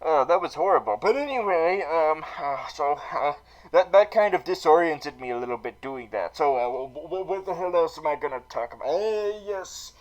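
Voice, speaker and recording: A man's voice: on the high side, lively intonation, normal speed, rough recording. A man hosting a comic recap vlog, rambling and profane with many fillers and restarts. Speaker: comedy vlogger in villain persona.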